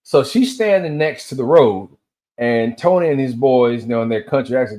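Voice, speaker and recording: A man's voice: medium pitch, lively intonation, normal speed, warm tone. A man in his fifties from Tennessee, rambling through a solo rant and telling loose stories that drift between tangents. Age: 50s. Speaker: vlogger.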